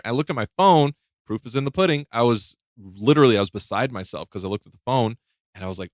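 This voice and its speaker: A man's voice: medium pitch, lively intonation, dry recording. Podcast host guy, keeps restarting and tripping over words, jokey, dry close sound. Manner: halting, many restarts and stammered repeats; jokey, laughs at his own stories. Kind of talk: casual chat.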